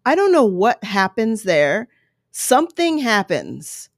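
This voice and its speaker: A woman's voice: mid-range voice, very animated, takes it slowly. A woman commenting earnestly on a video clip for her viewers, emotional and apologetic in her asides. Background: baby making noises.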